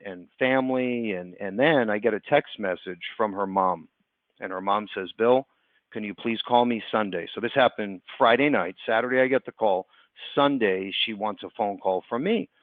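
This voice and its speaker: A man's voice: lowish voice, no room sound. A man telling a story to insurance agents in an earnest way, checking in with "okay" and "right" as he talks. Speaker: insurance agency host. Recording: dry tinny phone-like audio.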